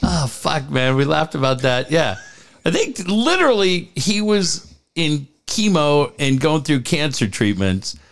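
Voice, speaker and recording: A middle-aged man co-hosts a casual podcast, telling funny stories full of laughter, swearing and acted-out voices. His voice sits fairly high and is very animated, a little slow, with some vocal fry.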